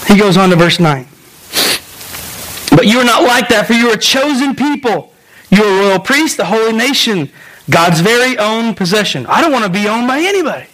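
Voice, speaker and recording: A man in his thirties with a fairly high voice preaches to his congregation. His delivery is earnest and personal, and it leans into emotion. He repeats phrases to drive his points home. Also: animated, fairly quick, a bit bright, poor audio. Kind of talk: sermon. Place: room with a live congregation.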